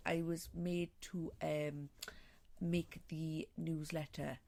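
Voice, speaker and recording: A woman's voice: low-pitched, flat delivery, takes it slowly, vocal fry, dark tone. A Welsh woman co-hosting a podcast, telling stories in a dry, laid-back casual chat. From Wales. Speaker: podcast co-host.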